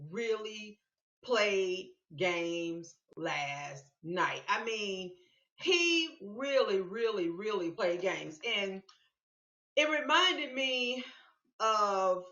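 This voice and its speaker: A woman's voice: mid-range voice, fairly bright tone. A woman giving casual political commentary in a vlog, emphatic and repeating words for stress. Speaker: vlogger. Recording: echoey room, dull lo-fi sound.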